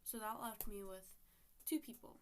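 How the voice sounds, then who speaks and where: A woman's voice: mid-range voice, fairly even intonation, normal speed, a little mellow. A teenage girl casually telling a personal story to her viewers, acting out text messages with lots of fillers. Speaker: storytime vlogger.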